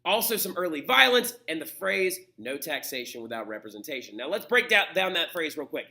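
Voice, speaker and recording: Young male history teacher, high and bright, chatty and animated lecture. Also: a little fast, gravelly. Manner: animated and conversational, acts out quotes, says "right?" often.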